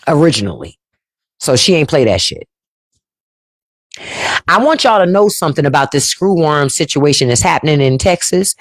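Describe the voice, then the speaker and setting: Blunt, lively livestream host. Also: female voice, low voice, dry recording, clean studio sound. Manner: blunt, profane storyteller. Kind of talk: casual livestream talk.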